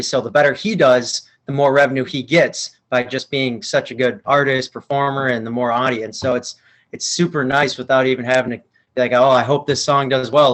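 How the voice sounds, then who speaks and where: A man's voice: medium pitch, fairly bright tone. A man co-hosting an interview, chatting loosely and casually with lots of fillers. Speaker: co-host. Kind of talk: casual chat.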